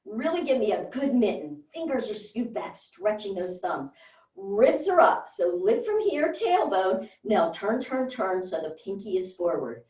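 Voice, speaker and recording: A woman's voice: medium pitch, very animated, unhurried, darkish tone. A woman leading a workout class, giving short, encouraging movement cues and counts. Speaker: fitness instructor. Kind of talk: guided workout cueing. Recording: roomy, distant and dull.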